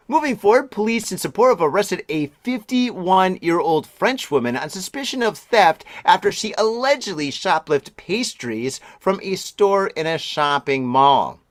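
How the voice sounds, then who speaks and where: A man's voice: a little high, no room sound. Chatty, rambling man with a dry close sound. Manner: rambling, chatty, exclaims and laughs often. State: recovering from strep throat, voice a bit deeper. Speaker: podcast host. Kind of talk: casual podcast chat.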